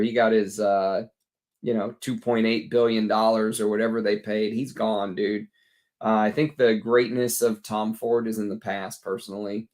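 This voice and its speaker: A tired man with a Texas accent hosts a late-evening livestream in a loose, chatty way. His voice sits at an ordinary middle pitch, and he talks bluntly as he answers viewers' comments. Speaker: fragrance livestream host. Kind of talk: casual livestream chat.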